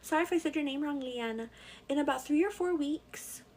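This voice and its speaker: Young woman live-stream host, pregnant, chatty and warm with her viewers, slightly high voice. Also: brisk, a little hiss or hum. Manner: chatty and affectionate, calls viewers "girl". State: pregnant with twins. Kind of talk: casual chat reading live comments.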